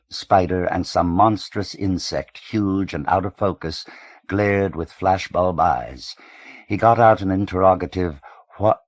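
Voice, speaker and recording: A man reading a novel aloud in measured, even audiobook narration. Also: low voice, no room sound.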